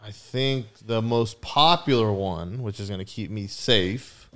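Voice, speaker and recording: Smooth-voiced joking podcast guy. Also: on the low side, a little slow, fairly bright tone. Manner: profane, joking, steers the segment. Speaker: podcast co-host. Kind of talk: casual sports podcast banter.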